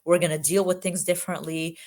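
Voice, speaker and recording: A woman police officer from Egypt speaks in an unusually low voice. She talks earnestly and emphatically, breaking into fast bursts and leaning on plenty of fillers as she tells her stories. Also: level tone, darkish tone. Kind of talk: candid interview storytelling.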